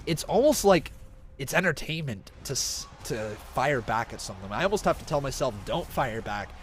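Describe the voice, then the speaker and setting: A man doing live reaction commentary on a wrestling show, screaming and cheering at big moves and chatting calmly with viewers in between, over a cheap microphone. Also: medium pitch, fairly quick. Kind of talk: excited live play-by-play commentary and chat.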